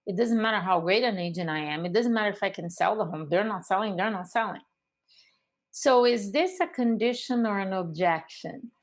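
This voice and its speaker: A woman's voice: medium pitch, normal speed. A middle-aged woman coaching real estate agents, explaining phone technique and acting out calls along the way. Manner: animated, acts out phone calls. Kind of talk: coaching lesson to camera.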